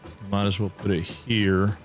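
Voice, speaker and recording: A man's voice: lowish voice, little pitch movement, measured pace, faint music behind. A man giving chatty, folksy commentary as he streams a game live and talks with his chat.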